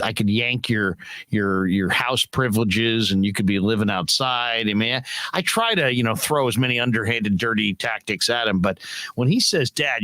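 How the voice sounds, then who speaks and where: A man's voice: mid-range voice, fairly bright tone, no room sound. A middle-aged man hosting a casual sports talk show, telling rambling stories with lots of restarts. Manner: rambling storyteller with many restarts. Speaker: podcast host.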